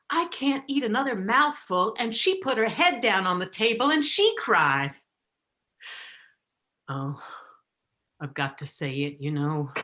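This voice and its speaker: A woman playing a middle-aged mother of the bride, speaking in a wistful, hushed, heartfelt way over a video call. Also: mid-range voice.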